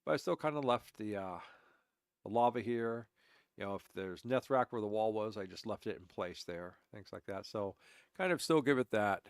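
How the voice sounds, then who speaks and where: A man's voice: fairly low pitch, animated, normal speed, clear, resonant tone. A man streaming a game, congested and stuffy-voiced from allergies, giving a rambling, self-correcting walkthrough of his builds. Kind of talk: casual gameplay commentary.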